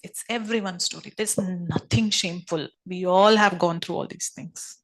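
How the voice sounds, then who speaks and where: A woman with an Indian English accent leading a group workshop, gently reassuring and repeating her encouragement. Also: on the low side, fairly even intonation, normal speed, poor audio. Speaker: workshop facilitator.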